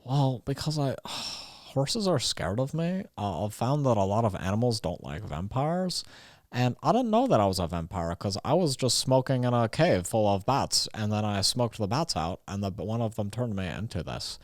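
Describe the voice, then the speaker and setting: Dry, close sound with no room echo. A man voicing a fretful vampire with a lowish, very lively voice that rises and falls as he rambles. He is nervous and rambling in an improvised comedy scene. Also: moderate pace. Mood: wistful. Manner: rambling, flustered, lively delivery. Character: gloomy male vampire who dreams of being a cowboy.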